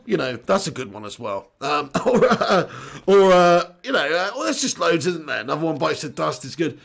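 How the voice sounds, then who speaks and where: A man's voice: on the high side, sing-song, moderate pace, creaky, fairly bright tone. A young English man hosting a casual live stream, reading chat comments aloud, joking, laughing and swearing casually.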